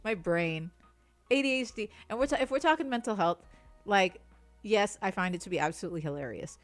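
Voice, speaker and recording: A woman's voice: medium pitch, expressive, fairly quick, no echo, soft background music. A woman co-hosting a livestreamed podcast, chatting casually, laughing often and swearing, with sentences that trail off. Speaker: podcast co-host. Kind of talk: casual chat. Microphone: streaming mic.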